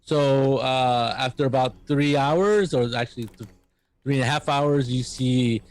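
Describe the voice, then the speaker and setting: A man narrating a tabletop game as game master, pausing often with fillers and restarts. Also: mid-range voice, fairly even intonation. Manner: halting, many fillers and restarts.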